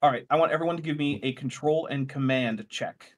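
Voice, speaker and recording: A man running a tabletop role-playing game, narrating scenes and rules in a relaxed, rambling way, often correcting himself. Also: medium pitch, brisk. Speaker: game master.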